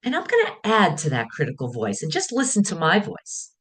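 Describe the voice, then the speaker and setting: Woman wellness teacher, calm guided talk, measured phrasing, voice rising and falling widely. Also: on the low side. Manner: calm, guiding, speaks in short measured phrases. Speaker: wellness speaker.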